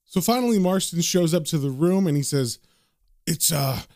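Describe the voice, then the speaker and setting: A man's voice: on the high side, lively intonation, moderate pace, a little mellow, dry recording, clean studio sound. A man casually recapping and reading a comic aloud, with loose filler words. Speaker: comic book reader and recapper.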